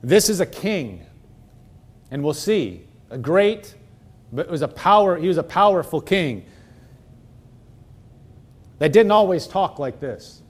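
A man preaching a sermon and reading scripture aloud, earnest and emphatic, slowing down to stress key phrases. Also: a little high, big pitch swings, slightly rough. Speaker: pastor.

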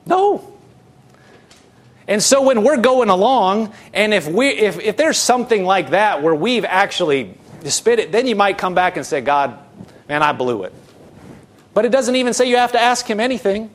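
A man's voice: high voice, animated, normal speed. A middle-aged man preaching an earnest, conversational sermon, asking rhetorical questions and often restarting his sentences. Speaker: pastor.

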